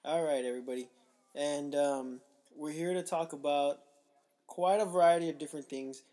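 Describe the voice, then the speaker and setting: A man with a raspy voice hosts a casual podcast, talking in a loose, relaxed way with frequent ums. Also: fairly high pitch, normal speed. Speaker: podcast host.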